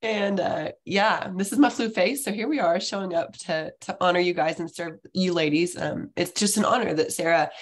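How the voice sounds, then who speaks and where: A woman speaks in a somewhat low voice, sick with the flu. She tells a story in a chatty way and laughs often, acting as a guest hormone coach in a casual class. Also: normal speed, hardly any pauses.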